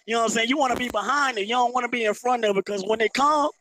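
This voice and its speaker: Man, hip-hop artist, hoarse, boastful, high voice. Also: a little fast, slight background noise, low-quality recording. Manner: excited, boastful. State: hoarse from performing. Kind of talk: casual interview talk. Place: music festival venue.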